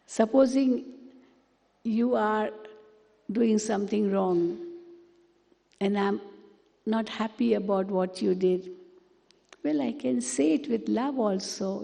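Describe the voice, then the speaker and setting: A woman giving a spiritual class, speaking gently and repeating words for emphasis. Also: mid-range voice, measured pace, gravelly, pauses often. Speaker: spiritual teacher. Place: meditation hall. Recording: long hall reverb.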